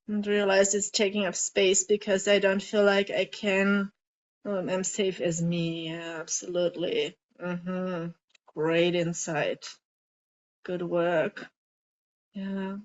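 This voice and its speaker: A woman coaching a group through emotional tapping, guiding gently and voicing example feelings aloud. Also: mid-range voice. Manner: slow, soothing guidance with emotive example lines. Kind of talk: guided group coaching session. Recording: slightly dull lo-fi call audio.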